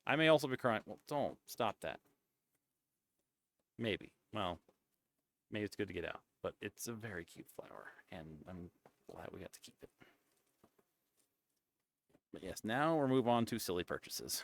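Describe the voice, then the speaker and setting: A man streaming a casual chat, rambling and often cutting himself off mid-thought, sometimes dropping into soft, breathy asides. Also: on the low side, big pitch swings, unhurried, pauses often, no room sound. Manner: rambling, self-interrupting and chatty.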